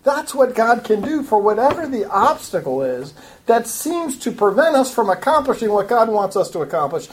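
A woman's voice: a little high, big pitch swings, normal speed. A woman giving an earnest, explanatory Bible study lecture, walking through a passage verse by verse and building to emphatic urging. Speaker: Bible teacher.

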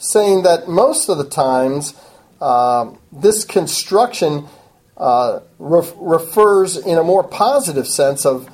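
A woman's voice: deep voice, lively intonation, slow, darkish tone, rough recording. A woman teaching a Bible passage in an expository sermon, preaching emphatically and adding frequent asides.

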